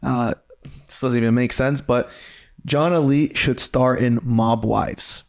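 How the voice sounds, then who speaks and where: A young man co-hosting a casual podcast, easygoing and friendly in tone. His voice sits at an ordinary male pitch. He reads comments aloud and pauses on fillers now and then. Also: fairly even intonation, gravelly. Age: young adult. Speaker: podcast co-host.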